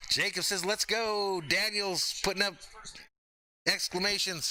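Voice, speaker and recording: Excitable high-voiced male fan streamer. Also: measured pace, a little hiss or hum, rough recording. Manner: excitable, jokey, hyping plays. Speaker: fan streamer doing live game play-by-play. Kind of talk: casual live play-by-play with chat reading. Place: home streaming setup.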